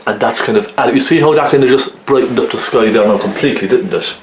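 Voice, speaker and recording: A man of middle pitch walks through an oil painting demonstration in a friendly, chatty way. He keeps checking in with short tag questions, and his voice carries a noticeable roomy echo. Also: quick pace, a little hiss or hum. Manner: chatty, lots of tag questions like okay and isn't it. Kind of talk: step-by-step painting tutorial.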